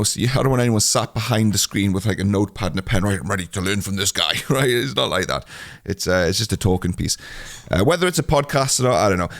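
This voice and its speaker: A man with a lowish voice hosts a solo podcast, chatting casually in a rambling, self-deprecating way with lots of filler sounds. The audio is clean studio sound with no room sound.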